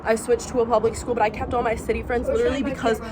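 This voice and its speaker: A woman's voice: on the high side, flat delivery, very fast, crowd noise. A young woman from the United States chatting casually into her phone for a travel vlog, filling her talk with lots of "like". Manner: chatty, many filler likes. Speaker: vlogger.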